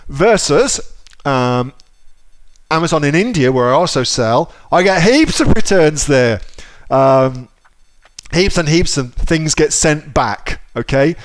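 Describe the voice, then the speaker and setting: Male seller, casual tutorial talker, a touch high-pitched, loose and profane. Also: animated, a little slow. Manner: chatty, swears casually, repeats himself. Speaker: online seller teaching. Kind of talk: casual screen-share tutorial.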